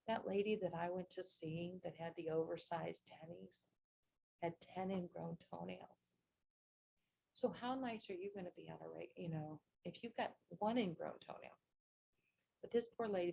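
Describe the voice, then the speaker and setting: A woman's voice: lowish voice, gravelly, darkish tone, slight background noise. A woman who works as a nurse, giving a chatty, down-to-earth informal talk over a video call, full of asides. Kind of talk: informal presentation. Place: virtual meeting. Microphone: video call mic.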